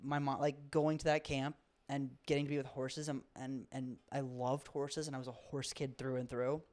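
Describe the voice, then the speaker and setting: A woman's voice: very deep voice, flat delivery, moderate pace, a little mellow. A woman from Florida co-hosting a podcast, chatty and joking as she tells a childhood story in casual conversation. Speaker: podcast co-host.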